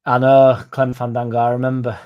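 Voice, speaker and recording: A man's voice: medium pitch, little pitch movement, brisk, clean tone, lo-fi sound. A young man with a Yorkshire accent hosting a casual livestream podcast, rambling and swearing freely as he reads out chat messages. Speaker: podcast host.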